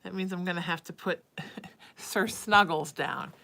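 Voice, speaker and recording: A woman, a psychic medium, chatting casually on a home livestream, doting and often dropping to a hushed murmur. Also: on the low side, steady tone, a little slow, creaky, few pauses. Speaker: psychic medium hosting a live reading stream. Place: at home with her cat.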